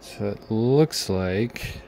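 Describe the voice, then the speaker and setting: A man with a fairly low, warm and expressive voice narrates a guitar pedal repair at his workbench for a repair video. Unhurried, he thinks aloud as he tests and troubleshoots, trailing off while working. A little hiss or hum sits in the recording.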